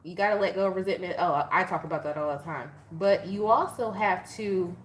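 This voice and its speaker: A young woman giving a casual tarot reading, chatty and animated, laughing and talking straight to her viewers. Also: fairly low pitch, fairly quick. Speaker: tarot reader.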